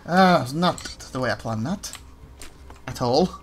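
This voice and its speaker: Gamer, gravelly voice, chatty running commentary with sudden excited yelps. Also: medium pitch, noisy background. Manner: chatty, talks to game characters, quick excited outbursts. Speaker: let's play gamer. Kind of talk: casual gameplay commentary.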